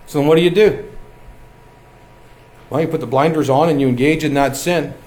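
A man's voice: on the high side, moderate pace, darkish tone. A middle-aged man preaching a sermon, earnest and building to emphatic exhortation. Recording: echoey room.

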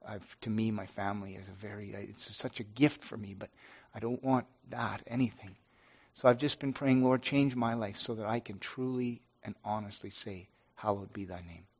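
A middle-aged pastor speaking earnestly and haltingly to his congregation, with many restarts. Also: lowish voice, fairly even intonation, a little mellow, breathy edge. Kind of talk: informal devotional talk to a congregation.

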